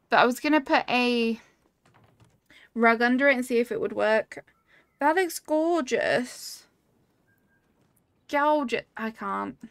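Streaming a cozy building game, a woman with a high voice, vocal fry and a sharp tone gushes over viewers' builds and reads chat aloud. She's easily delighted in this casual livestream chat, and there's no room sound.

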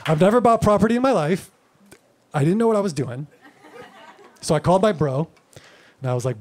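Male stand-up, high voice, animated, slangy, stage mic. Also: a little fast, pauses often. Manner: animated, slangy, lots of "like" and "bro". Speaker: stand-up comedian. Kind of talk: stand-up comedy. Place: live comedy club.

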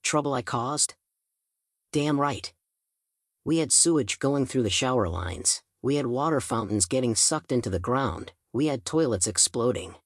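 A man voicing a panicked, fed-up teenage girl in an audiobook, pleading and shouting up from below. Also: medium pitch, animated, measured pace, no echo, clean studio sound. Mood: exasperated. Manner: pleading then exasperated shouting. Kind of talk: audiobook character voice.

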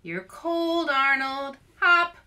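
A woman voicing a playful, pushy little female bird who squeals with excitement. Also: high-pitched, drawn-out words, pitched above the performer's own voice, full character voice.

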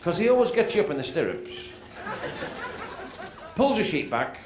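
A male stand-up comic talks quickly and chattily, asking the audience questions. His voice is fairly high and animated, in a roomy live recording with loud noise behind him. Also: a crowd in the background. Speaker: stand-up comedian. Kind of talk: stand-up observational comedy. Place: stage before a live audience.

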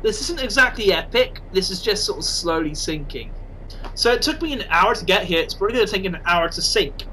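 A man casually commentating on his own game, excitable and self-mocking. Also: high voice, fairly quick, a little hiss or hum, low-quality recording. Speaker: gaming channel host.

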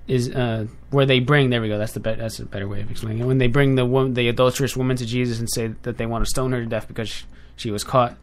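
Young man, casual DJ-style talk, rambling, keeps correcting himself, mid-pitched voice. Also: little pitch movement, fast talker, few pauses. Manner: rambling, with frequent self-corrections and filler; chatty and direct with listeners. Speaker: online radio DJ and host. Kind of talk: casual off-the-cuff talk show. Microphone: headphones with a desk mic.

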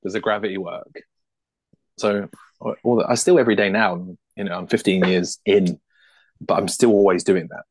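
A British man talking as a puppeteer guest in a casual interview. He is animated, laughs often and restarts his sentences quickly. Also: sits low, no room sound. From United Kingdom.

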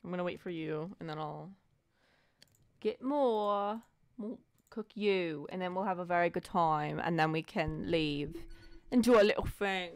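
A woman's voice: on the low side, a little slow, clean tone, no room sound. A woman giving casual, rambling gameplay commentary, muttering self-deprecating asides to herself as she plays. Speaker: let's play gamer.

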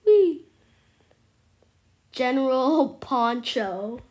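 A woman giving excitable commentary on her gameplay, exclaiming and at times whispering to her viewers. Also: sits high, very slow, a little hiss or hum. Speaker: gameplay streamer.

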